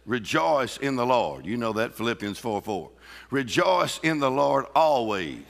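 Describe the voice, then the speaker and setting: Gravelly, bright-voiced preacher man, exuberant. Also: medium pitch, big pitch swings, unhurried, in a large hall. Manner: exuberant preaching with shouts and bursts of laughter. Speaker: pastor. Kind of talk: sermon.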